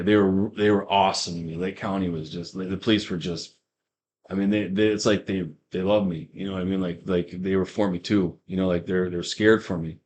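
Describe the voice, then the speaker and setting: A young man with a fairly low voice tells his story of faith for a podcast. He rambles, trips over his words and restarts sentences again and again as he goes. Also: fairly even intonation, brisk, darkish tone. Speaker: guest giving a testimony. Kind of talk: personal testimony on a podcast.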